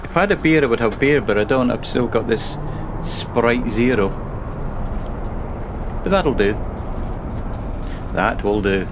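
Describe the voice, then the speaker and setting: A man's voice: mid-range voice, expressive, a little slow, long pauses, background noise. A man casually commentating his own driving game stream, chatting and rambling to himself and his viewers.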